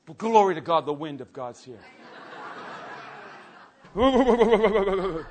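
A man preaching a sermon, telling stories with energy and swinging between quiet asides and loud outbursts. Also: high voice, takes it slowly, slight background noise. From Canada. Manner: animated storytelling, swings from soft to shouting.

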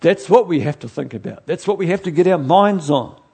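A man preaching a sermon in an animated way, swinging from loud outbursts to quiet asides, chatty and joking at his own expense. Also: a little high, fairly quick, gravelly, breathy edge. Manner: chatty, self-mocking and joking.

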